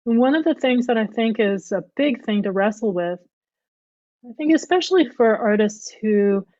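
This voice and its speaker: A woman's voice: a little high, lively intonation, normal speed, mellow, no room sound, dull audio. A middle-aged woman, a graphic novelist and guest, talking reflectively, qualifying her thoughts with "you know" and "I mean.". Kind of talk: reflective interview talk.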